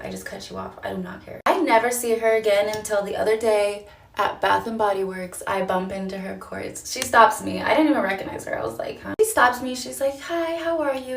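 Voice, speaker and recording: A woman's voice: medium pitch, vocal fry, reverberant, far from the mic. Sassy woman spilling gossip. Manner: sassy, gossipy, talks straight to viewers. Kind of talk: casual get-ready-with-me storytime.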